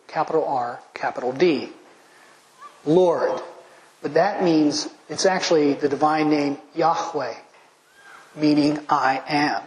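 A man's voice: a little high, echoey room, low-quality recording. A man preaching a methodical expository sermon as pastor, listing his points and verse references and leaning hard on key lines.

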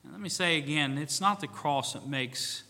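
Male pastor, fervent sermon, bright ringing voice, a bit high, loud then hushed, long church reverb. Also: normal speed. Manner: swings from loud fervent preaching to hushed solemn tones. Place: church sanctuary.

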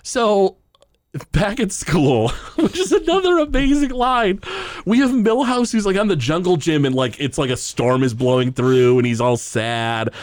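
A man's voice: high voice, lively intonation, a little slow, no room sound. A man co-hosting a podcast in casual chat, retelling scenes loosely with many fillers and laughs. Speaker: podcast co-host recapping an episode.

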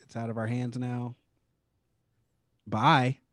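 A man co-hosting a casual chat, rambling with lots of fillers and quick laughs. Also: medium pitch, darkish tone, dry recording. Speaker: podcast co-host.

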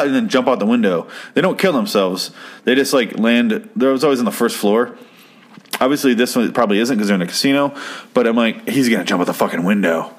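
A young man recapping a TV episode in a casual, rambling, profane commentary, getting excited as he goes. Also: mid-range voice. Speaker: show host.

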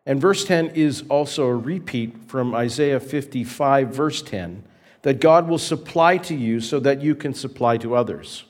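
A man preaching a sermon as pastor, earnest, pausing between phrases and repeating key points for emphasis. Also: mid-range voice, animated.

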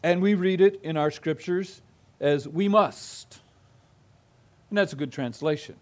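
Middle-aged pastor guy preaching hard, keeps repeating lines louder, kinda high voice. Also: unhurried. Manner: emphatic, repeats phrases with rising intensity. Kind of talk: expository sermon.

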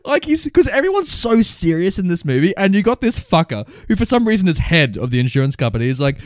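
Excitable man, wildly swinging pitch. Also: fast, no echo, clean studio sound. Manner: excitable, swearing, laughing banter. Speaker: podcast co-host, film reviewer. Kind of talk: casual chat.

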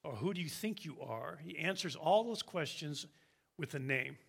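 A man preaching a sermon, slow and emphatic, with dramatic pauses. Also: a little high, animated, vocal fry, fairly bright tone, breathy edge.

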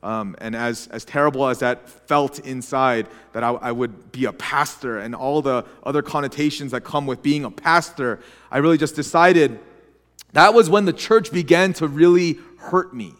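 A man's voice: medium pitch, normal speed, a bit bright, in a large hall. A young adult man preaching as a pastor, telling his story in an earnest, confessional way with frequent restarts. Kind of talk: sermon.

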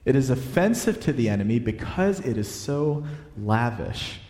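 A male preacher giving a sermon in a relaxed, conversational way, with fillers and self-corrections, sometimes reading aloud from a book. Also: medium pitch, moderate pace. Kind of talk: sermon with read-aloud story. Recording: echoey hall.

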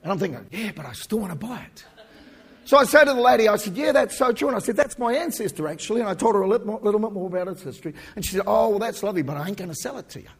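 Male pastor with a husky voice, telling a story as a sermon in a reverberant hall. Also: high voice, animated, very fast, few pauses. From New Zealand. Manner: swings from loud preaching to soft asides.

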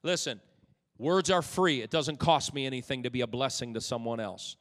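A man preaching to his church in a mid-range voice. He swings from loud, lifted appeals to hushed, intimate passages. The sound rings with long reverb from a large sanctuary. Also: medium pitch, animated, moderate pace. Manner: swings from loud exhortation to soft intimate storytelling. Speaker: pastor. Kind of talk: sermon.

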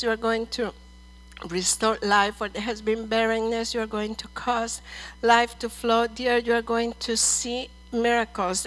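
Speaking over people in church with prophetic words, a middle-aged woman stays earnest and measured, using "dear" and "brother" as she addresses them. Her voice is fairly high, and the recording is rough.

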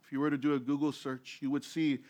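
A man preaching a sermon as pastor, telling a story in a lively, animated way that acts out the scenes. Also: medium pitch, fast talker.

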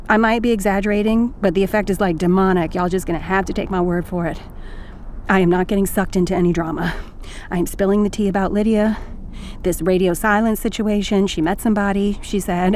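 Woman, audiobook narrator, sardonic, profane, quick delivery, mid-range voice. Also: medium pitch, darkish tone, slight background noise. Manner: sardonic, profane, fast-talking. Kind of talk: first-person audiobook narration.

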